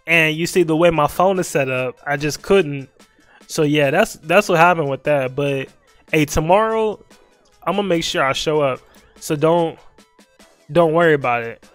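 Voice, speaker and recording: A man's voice: fairly high pitch, normal speed, a bit bright, no echo, faint music behind. A young man streaming, casually telling a story in slangy talk, laughing often and acting out both sides of the conversation.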